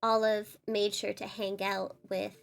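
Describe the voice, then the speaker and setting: Woman streamer with vocal fry. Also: mid-range voice, level tone, unhurried. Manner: earnest, upset recounting of personal drama. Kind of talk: casual storytelling while drawing.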